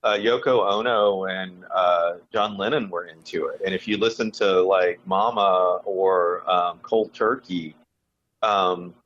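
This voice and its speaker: A man's voice: low-pitched, fairly even intonation, slow pace, a bit bright, dull audio. A man co-hosting a podcast in casual chat, rambling with restarts and fillers. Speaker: podcast co-host.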